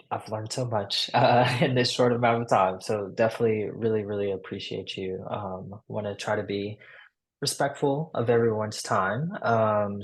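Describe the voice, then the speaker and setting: A man with a low, gravelly voice hosts a virtual seminar over a video call. He thanks his guest warmly but haltingly, with many fillers. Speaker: seminar host. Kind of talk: closing thanks.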